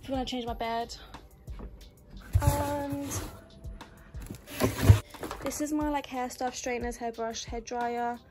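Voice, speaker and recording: A young woman chats through a tour of her student bedroom, rattling off one item after another in a rather flat, even tone. Her voice sits a little high for a woman. Music plays clearly under her talk. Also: slow, long pauses. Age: young adult. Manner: chatty, listing items as she goes. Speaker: vlogger giving a room tour. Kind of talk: casual room-tour narration. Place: student bedroom in university housing.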